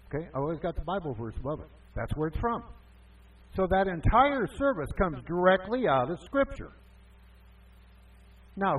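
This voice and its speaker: A man's voice: sits high, slightly rough. A man preaching a conversational sermon as pastor, asking and answering his own questions. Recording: tinny phone-like sound from far off.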